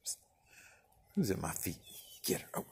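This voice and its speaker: A man's voice: moderate pace, darkish tone. A man talking to his cats outdoors in a casual vlog, cooing and baby-talking with playful jokes. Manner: coos and baby-talks to pets, playful jokes. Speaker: vlogger. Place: outdoors by a road and grass.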